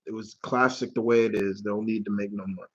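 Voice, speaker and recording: A man's voice: on the low side, steady tone, fast, muffled recording. A man hosting a live question-and-answer stream, chatting casually and rambling, with free swearing. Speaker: channel host.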